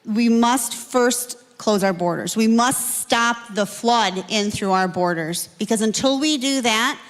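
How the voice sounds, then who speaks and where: A woman's voice: on the high side, fairly bright tone. A middle-aged woman candidate answering at a forum, chatty with apologetic asides, then firm and emphatic. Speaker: political candidate. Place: large reverberant hall. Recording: long hall reverb.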